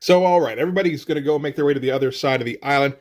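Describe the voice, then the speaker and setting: A man's voice: fairly high pitch, rapid-fire. A man casually recapping a comic book issue, laid-back and thinking aloud, with the occasional swear.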